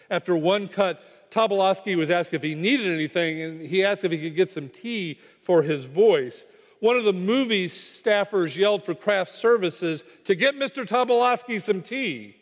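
A man preaching a sermon, telling a story dramatically and dropping to a hush for weight. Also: on the high side, normal speed. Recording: long hall reverb.

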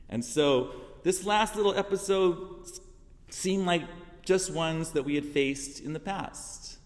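A man's voice: medium pitch, long reverb tail. Earnest man giving heartfelt testimony. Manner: heartfelt and earnest, swelling into loud emotional emphasis. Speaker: church speaker. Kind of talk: sermon, personal testimony. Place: church sanctuary.

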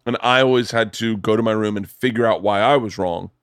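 Animated, profane middle-aged male podcast host. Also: fairly low pitch, fairly quick, clear, resonant tone, no room sound, clean studio sound. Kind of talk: casual chat.

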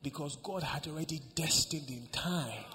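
A male pastor preaching a sermon, telling a story and acting out the dialogue, moving between hushed lines and loud ones. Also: a little high, normal speed, a little hiss or hum. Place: large church hall. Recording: echoey church hall with faint ambience.

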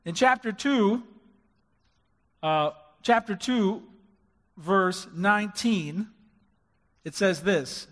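High-voiced pastor preaching in a big hall. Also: male voice, very slow, pauses often, a bit bright. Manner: preaching with rising emphasis and acted-out quotes. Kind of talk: sermon. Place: church sanctuary.

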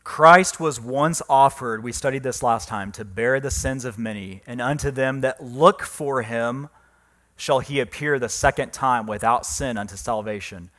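A man pastor preaching a sermon, reading scripture and explaining it, getting louder and slowing down on the key words. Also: mid-range voice. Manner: emphatic preaching, rising loud on key phrases, slowing for stress.

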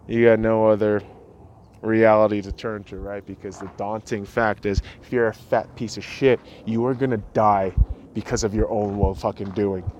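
A man's voice: fairly low pitch, darkish tone, a little hiss or hum. Profane, ranting male podcast host. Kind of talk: solo podcast rant.

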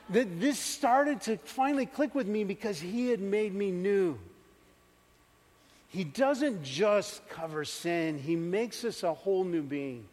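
A man's voice: high voice, expressive, takes it slowly, a little mellow. A man preaching a sermon, telling a personal story and acting out his younger self. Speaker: pastor. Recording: church hall reverb.

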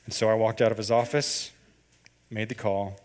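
A man telling a personal story in a sermon, animated and acting out the dialogue. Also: lowish voice, normal speed.

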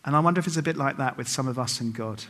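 A middle-aged man preaches to a congregation in a mid-range voice that comes out rapid-fire, pushed and bright. His sermon is humorous storytelling, with quotes acted out and asides that poke fun at himself.

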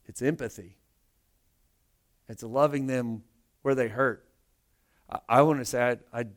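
A male pastor preaching a sermon to his church, earnest in tone and often repeating words as he builds emphasis. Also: mid-range voice. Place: church meeting room.

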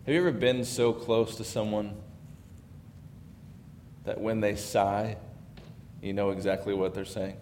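A man preaching a sermon in a church sanctuary, talking conversationally and dropping to hushed tones when he reads scripture. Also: fairly low pitch, fairly even intonation, a little slow, pauses often, in a large hall, slight background noise. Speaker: pastor.

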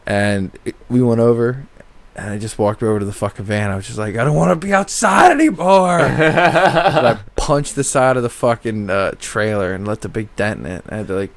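A man's voice: on the low side, a little fast, no room sound. A man chatting casually, swearing often and acting out how angry he got. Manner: animated, swears often, acts out his own angry past lines. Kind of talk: casual chat.

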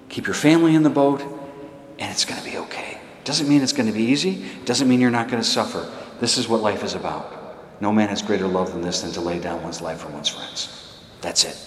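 A man's voice: medium pitch, a little hiss or hum. A man, a priest, preaching a sermon in an emphatic way, repeating short exhortations. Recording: echoey hall reverb.

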